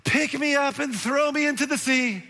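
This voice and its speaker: Male preacher doing a high, bright, theatrical prophet, despairing and overwrought. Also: moderate pace, exaggerated voice. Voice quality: theatrical, declamatory.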